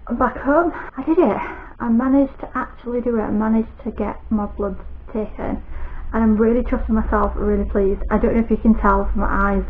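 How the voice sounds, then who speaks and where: A British woman chats to camera in a rambling, anxious way, her voice gravelly with vocal fry. The recording sounds thin and phone-like, with a faint hiss underneath. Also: medium pitch. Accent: British English. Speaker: vlogger. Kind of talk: casual chat to camera.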